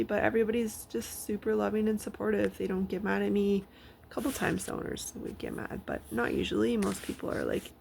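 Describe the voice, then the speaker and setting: A woman talking casually about her dog at home, rambling with many fillers and now and then dropping to a soft whisper. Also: medium pitch, moderate pace, gravelly, a little hiss or hum. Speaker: vlogger. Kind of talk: casual personal storytelling.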